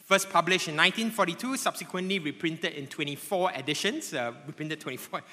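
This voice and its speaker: A man preaching a sermon to a congregation, animated and conversational, often checking in with tag questions like "right?" and "okay?". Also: on the high side, a little fast. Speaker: pastor. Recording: long hall reverb.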